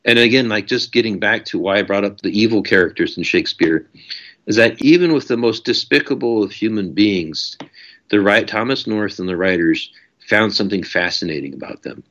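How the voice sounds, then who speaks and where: A man's voice: fairly low pitch, lively intonation, normal speed, a bit bright. A man, an author, talking through his ideas in a passionate, discursive way in a casual interview. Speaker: author guest. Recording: dull lo-fi audio.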